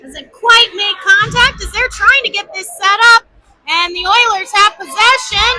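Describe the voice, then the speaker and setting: A woman with a very high, bright voice calls a youth hockey game like a seasoned announcer, fond and excitable. She breaks into shouts whenever a shot goes in. Faint arena noise hums behind her in the indoor rink. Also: moderate pace, low-quality recording. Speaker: amateur play-by-play commentator. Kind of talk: homemade live sports commentary.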